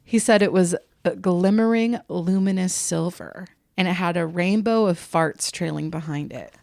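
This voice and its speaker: A woman with a low, gravelly voice tells a strange tale to her co-host, cracking jokes and swearing as she goes. Her delivery is loose and chatty. The sound is dry and close. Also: a little mellow, dry recording. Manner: giggly, profane, jokey retelling with quick asides. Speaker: podcast co-host telling the story. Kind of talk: casual storytelling chat.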